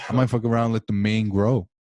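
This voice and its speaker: A man's voice: lowish voice, level tone, moderate pace, a little mellow. A young man and podcast host on a video call, going on an impassioned, rambling monologue full of swearing. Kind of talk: casual chat over video call.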